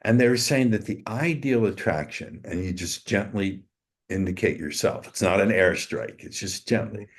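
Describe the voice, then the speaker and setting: A man giving an interview as a dating coach, telling a story in a slow, suggestive way with drawn-out emphasis on key words. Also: on the low side. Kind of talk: interview, demonstrating hypnotic language patterns.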